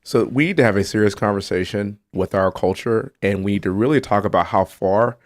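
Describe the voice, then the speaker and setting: A man's voice: fairly low pitch, fairly quick. A man, a congressman guest, making emphatic points. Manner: emphatic, animated storytelling. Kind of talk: political talk show discussion.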